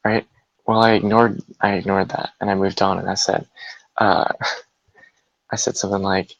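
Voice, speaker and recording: A man's voice: low-pitched, little pitch movement, moderate pace, gravelly, pauses often, no room sound, poor audio. A man in casual chat, rambling through a story with many fillers and laughing as he goes. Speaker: guest.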